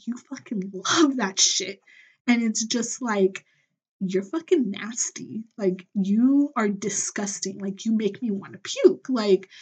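A woman's voice: medium pitch, a little mellow, slightly rough, dull audio. A young woman hosting a solo podcast, venting bluntly and heatedly with lots of profanity. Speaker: podcast host.

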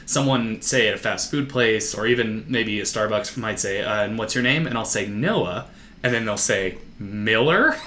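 A young man co-hosting a casual podcast, explaining ideas earnestly and quickly. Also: medium pitch, noisy background. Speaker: podcast co-host and editor.

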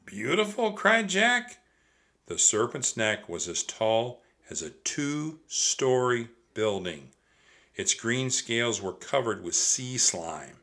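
A man reads a children's adventure story aloud at a slow, deliberate pace. His voice is bright and expressive, and he speaks straight to the kids listening. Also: lowish voice. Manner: expressive, addresses kids directly. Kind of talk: reading a children's book aloud.

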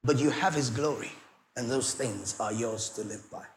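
Emphatic Nigerian pastor preaching. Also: male voice, medium pitch, moderate pace, a little hiss or hum. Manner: emphatic, shifts between loud declarations and soft pleading asides. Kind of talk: sermon.

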